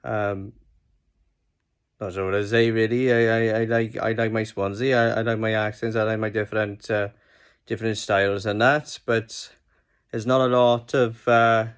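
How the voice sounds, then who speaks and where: A man putting on a Welsh accent, playing a slow, stammering Swansea man. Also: mid-range voice, natural voice.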